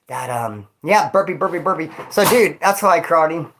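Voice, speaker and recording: A man's voice: high voice, expressive, a little fast, hardly any pauses, a bit bright. A man telling stories on a casual vlog into his phone, winded after exercise, talking street slang and calling the listener dog and homie. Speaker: vlogger.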